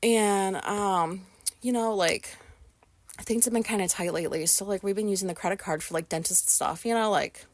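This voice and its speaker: A woman's voice: medium pitch, moderate pace. A woman from the United States telling an anxious story in a casual vlog, rambling with lots of fillers and swearing. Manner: anxious retelling, voices others in quotes. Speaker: vlogger.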